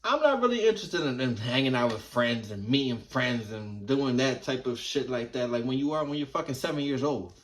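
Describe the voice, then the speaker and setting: A man's voice: medium pitch, animated, a little fast, few pauses, slight background noise. A man in his thirties from New Jersey telling childhood stories in a laid-back, rambling way, swearing freely. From New Jersey, USA. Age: 30s. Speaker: vlogger. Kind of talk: casual storytelling.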